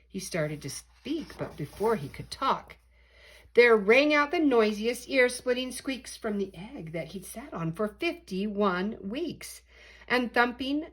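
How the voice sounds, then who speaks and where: An older woman, a grandmother, reading a rhyming picture book aloud with lively expression. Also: mid-range voice. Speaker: storyteller.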